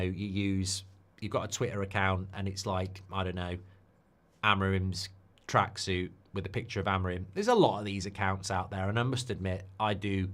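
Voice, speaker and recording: A man's voice: low-pitched, fairly bright tone. A man hosting a football watchalong stream in a casual, chatty, jokey way, reading viewer comments aloud. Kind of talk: casual live-stream chat.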